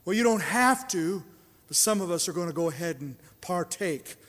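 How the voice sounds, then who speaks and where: A man preaching a sermon as pastor, emphatic and building to loud prayer. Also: sits high, expressive, moderate pace, in a large hall.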